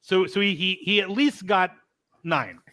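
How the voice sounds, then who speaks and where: A man's voice: high-pitched, measured pace, bright, forceful tone. A man guest on a podcast, chatting casually, laughing easily and echoing the host's lines. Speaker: podcast guest, wrestling promoter. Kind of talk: casual chat.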